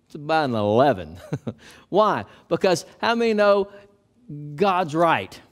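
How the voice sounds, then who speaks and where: A man's voice: fairly high pitch, sing-song, measured pace. A man preaching a sermon as pastor, building emphasis as he quotes and explains scripture.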